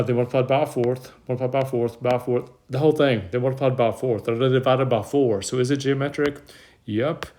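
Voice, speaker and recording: A man's voice: medium pitch, a little mellow, slight background noise. A man teaching a math lesson over a whiteboard, explaining step by step, audibly out of breath. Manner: plain step-by-step explaining, talks himself through the work. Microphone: tablet mic.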